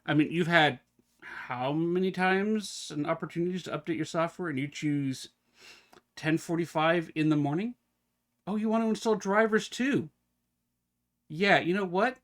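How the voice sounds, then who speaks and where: A man's voice: a little high, normal speed. Chatty man streaming a horror game. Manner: chatty, talks to himself and the game, wry asides. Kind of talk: live gameplay commentary.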